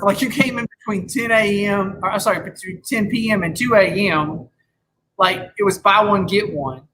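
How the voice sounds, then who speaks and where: A man's voice: high-pitched, pushed and bright, rough recording. A man in his thirties chatting casually on a podcast, rambling with lots of restarts and swearing freely. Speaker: podcast host. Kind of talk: casual chat.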